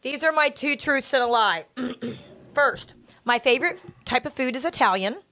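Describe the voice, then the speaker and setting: A woman's voice: high voice, lively intonation, normal speed, creaky, sharp tone. A woman co-hosting a podcast, chatting casually, laughing often and protesting good-naturedly. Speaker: podcast co-host. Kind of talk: casual chat.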